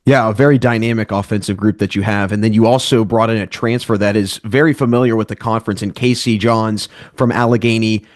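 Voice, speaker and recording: A man's voice: lowish voice, steady tone, fairly quick, few pauses, dry recording, clean studio sound. A man interviewing a coach, asking long, wordy questions with a few "uh"s.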